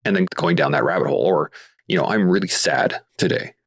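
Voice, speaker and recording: A man with a very deep, low voice talks through his ideas on a podcast, earnest and steady. He grew up in Canada and explains things with simple everyday comparisons. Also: a little fast, husky. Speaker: podcast guest, veteran advocate. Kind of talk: casual podcast conversation.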